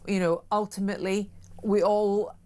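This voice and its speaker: A woman talks on a late-night radio studio mic in an even, mid-pitched voice. She is chatty and opinionated, and she stresses her points by repeating them. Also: moderate pace. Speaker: newspaper review guest.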